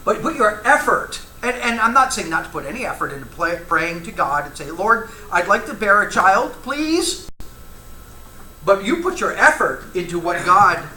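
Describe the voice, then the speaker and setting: Lively, bright-voiced man teaching Bible class. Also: sits high, moderate pace. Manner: conversational, asks the class questions, reads scripture aloud. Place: church classroom. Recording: echoey room, faint ambience.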